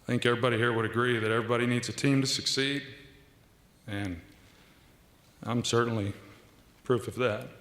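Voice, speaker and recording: A man, giving an earnest, measured acceptance speech at a podium with pauses and small restarts. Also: medium pitch, little pitch movement, fairly bright tone. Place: large banquet hall. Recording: echoey hall with long reverb.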